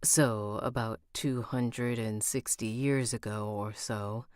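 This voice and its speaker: A woman's voice: very deep voice, steady tone, takes it slowly, darkish tone, dry recording, studio quality. A woman reading as a charming rich young man. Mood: storytelling.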